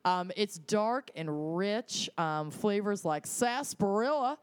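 A woman's voice: mid-range voice, expressive, slow, slight background noise. A woman co-hosting a podcast, talking in a playful, teasing way. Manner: playful, teasing, describes wine. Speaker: podcast co-host. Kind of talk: casual podcast chat.

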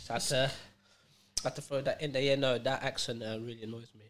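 A man co-hosting a podcast in casual banter, playful and halting, with many fillers and repeated words. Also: medium pitch, fairly even intonation, noisy background. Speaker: podcast co-host.

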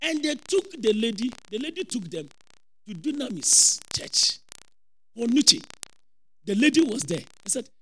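A man preaching a lively sermon with a Ghanaian accent, repeating phrases and shouting for emphasis. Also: very high-pitched, normal speed, pauses often, a little hiss or hum, poor audio.

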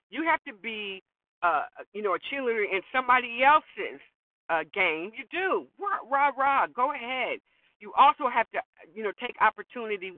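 A man's voice: sits high, no room sound. A man hosting a talk show, giving an emphatic opinion monologue that is full of repeated words and rhetorical questions. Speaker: podcast host. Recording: tinny phone-like sound from far off.

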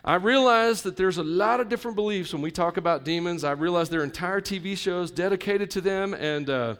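Preaching a sermon before a live congregation, this man keeps things conversational with joking asides, moving between booming emphasis and hushed intimacy. His voice sits high and his delivery is brisk.

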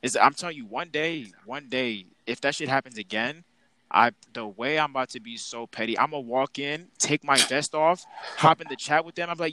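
A man's voice: mid-range voice, fairly quick, bright, forceful tone, no room sound, rough recording. A young man co-hosting a casual podcast, ranting in an exasperated, slang-heavy way about his coworkers. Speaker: podcast co-host.

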